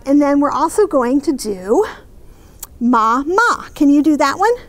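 A woman children's librarian reading a picture book aloud and talking to little ones in a gentle sing-song way. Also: sits high, very animated, a little slow.

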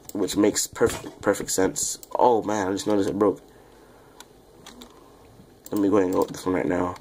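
Low-voiced young man mumbling over gameplay. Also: slight background noise. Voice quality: low, quiet voice that sounds off-mic. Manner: rambling, self-deprecating, chatty asides to viewers. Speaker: gaming YouTuber. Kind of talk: casual Let's Play commentary.

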